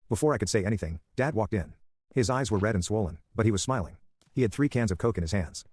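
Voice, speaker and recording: A man narrating first-person horror stories in a brisk, matter-of-fact scripted read. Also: fairly low pitch, expressive, darkish tone, slightly rough, no echo.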